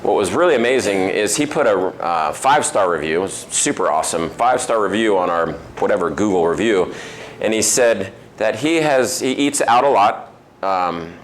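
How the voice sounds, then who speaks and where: Here a restaurant owner addresses a men's group in his restaurant's dining room, his voice on the low side, animated, and at a moderate pace. He acts out the voices in his stories and fills his speech with fillers, while slight background noise sits underneath.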